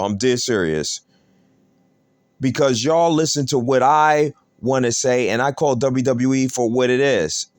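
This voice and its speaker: A man's voice: mid-range voice, no echo. A man hosting a wrestling news show, emphatic and repetitive, firing off rhetorical questions. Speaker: host.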